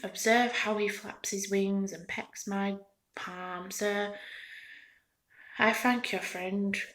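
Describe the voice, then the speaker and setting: A woman voicing an erratic, pushy male street toy maker in a soft whispered role-play. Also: mid-range voice, fairly even intonation, slow. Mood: wheedling. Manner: wheedling, turns scornful.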